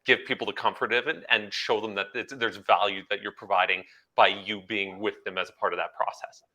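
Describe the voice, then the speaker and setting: A man hosting an interview who asks curious follow-up questions in a relaxed tone. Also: fairly low pitch, a little fast. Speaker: interview host. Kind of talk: casual interview.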